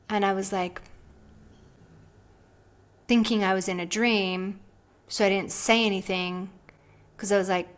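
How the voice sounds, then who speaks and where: A woman's voice: mid-range voice, normal speed, long pauses. A woman guest on a podcast, telling a personal story in a casual, chatty way, with lots of "like" fillers. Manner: chatty, frequent "like" fillers, animated retelling.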